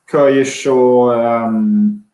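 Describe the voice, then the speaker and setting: A man's voice: medium pitch, steady tone, very slow, dark tone, reverberant, low-quality recording. A man taking an online language lesson, answering hesitantly and thinking aloud. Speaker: student. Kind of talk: online tutoring session.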